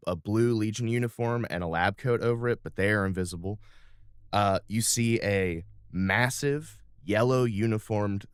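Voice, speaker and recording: A man's voice: fairly low pitch, clean tone, dry recording. A man acting as game master, narrating a tabletop game in a casual, meandering way with lots of fillers.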